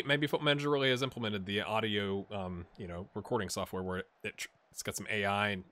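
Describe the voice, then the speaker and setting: A man casually talking through a sports management game, thinking aloud and breaking into excited play-by-play. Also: lowish voice, fast talker, hardly any pauses, dry recording. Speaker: gaming channel host. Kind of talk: casual gameplay commentary.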